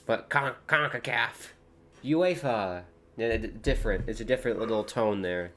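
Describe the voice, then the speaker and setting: A man hosting a live football watchalong from home, calling the action casually, joking and reading viewer comments aloud, loud and excited at near misses. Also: fairly low pitch, normal speed, very noisy. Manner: chatty, jokey, reads viewer comments aloud, gets loud at chances. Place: home with dogs nearby.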